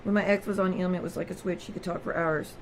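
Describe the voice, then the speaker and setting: A woman's voice: fairly low pitch, fairly even intonation, fast talker, a little hiss or hum, rough recording. A woman vlogger telling a personal story straight to her viewers in a raw, candid way.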